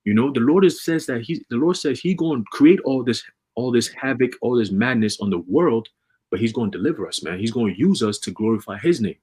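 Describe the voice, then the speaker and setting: A man casually preaching and telling a story on a religious livestream, with energetic, repetitive street talk full of slang. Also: medium pitch, brisk, slightly rough.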